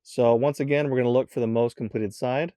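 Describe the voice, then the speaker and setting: Mellow-voiced man teaching a puzzle. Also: mid-range voice, fairly even intonation, no echo, studio quality. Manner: casual, counts moves aloud slowly. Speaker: tutorial host. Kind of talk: step-by-step puzzle tutorial.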